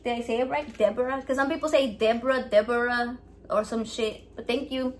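A woman's voice: sits high, fairly quick. Woman, casual vlog host, playful, profane, mixes in Spanish, echoey room. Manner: loud, profane and playful, switching between English and Spanish. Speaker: vlogger running a raffle. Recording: echoey room with faint background noise.

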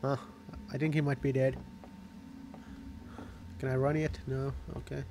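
A man's voice: mid-range voice, flat delivery, unhurried, noisy background. A man doing casual let's-play commentary, sarcastic and swearing as he laughs at the game. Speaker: gameplay commentator.

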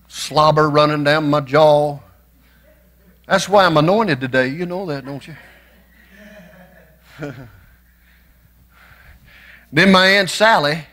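A man preaching a church sermon, swinging from folksy storytelling to passionate shouting. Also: on the high side, slow pace, pauses often. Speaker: pastor.

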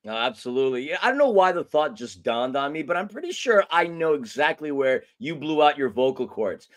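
A man hosting a soccer fan podcast in a casual, joking way. His voice sits a bit high for a man, and he delivers his introductions with playful flourish. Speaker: podcast co-host. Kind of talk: casual sports podcast chat.

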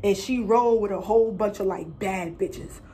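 A young woman vlogger telling a personal story in a casual, animated, profane and slangy way. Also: mid-range voice, normal speed, slight background noise.

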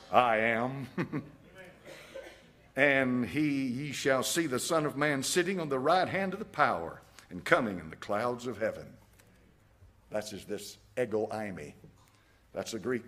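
A man preaching a sermon in a folksy, emphatic way, chuckling at his own jabs. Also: mid-range voice. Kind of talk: fiery evening sermon.

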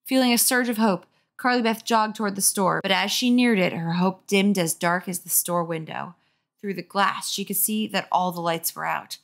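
A woman's voice: mid-range voice, moderate pace, vocal fry. A woman with a sore throat reading a children's horror book aloud, breaking in with sarcastic, mocking asides. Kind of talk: comedic book reading with commentary.

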